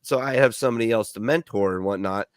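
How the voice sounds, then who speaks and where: A man's voice: on the low side, fast, clear, resonant tone, no room sound, studio quality. A man from Milwaukee, a veteran co-host of a radio show, rambling through profane stories in casual chat full of fillers.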